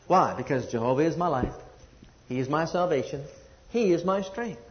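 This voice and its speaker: A man delivers a sermon in a fairly high voice, reading scripture and then pressing his points home with emphatic repetition. He calls on listeners to answer back. The recording is dull and lo-fi. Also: animated, normal speed. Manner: emphatic, repetitive preaching with call-and-response. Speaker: preacher.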